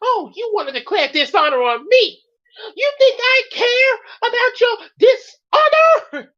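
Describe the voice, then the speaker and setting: A shrill gloating puppy monster. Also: male voice, lively intonation, a little slow, sharp tone, heavily acted. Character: snarling villain puppy monster, male, boastful. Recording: dull lo-fi recording.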